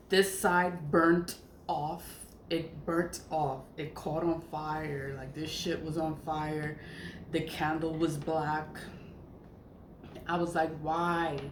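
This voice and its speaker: Low-voiced woman chatting casually. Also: noisy background. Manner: chatty, swears freely, laughs often. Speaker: vlogger. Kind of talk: casual spiritual vlog chat. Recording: echoey room with faint ambience.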